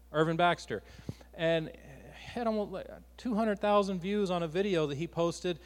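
A man's voice: fairly high pitch, in a large hall. A man preaching a sermon with passion, his force rising and falling.

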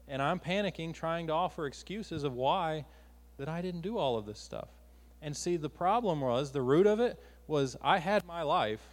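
A man's voice: fairly high pitch, big-room sound. A man preaching a sermon with passion, his force rising and falling.

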